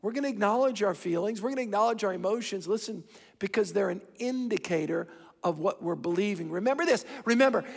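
A man's voice: high voice, creaky. A middle-aged man preaching a sermon as pastor, emphatic and repetitive, shifting his pace to drive points home. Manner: emphatic, repeats himself, shifting pace for stress. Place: large church hall. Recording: hall reverb from a large sanctuary.

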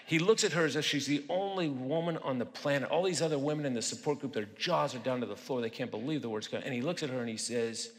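Preaching as a guest in a church auditorium, a middle-aged pastor who is also a psychologist keeps things casual and puts questions to the congregation. He speaks at medium pitch, quickly and with few pauses, and the hall reverb is long.

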